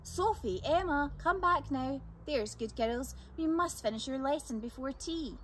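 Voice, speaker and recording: A woman's voice: sits high, lively intonation, a little slow, a little hiss or hum, voice pushed up. A woman voicing a prim, old-fashioned governess calling children back.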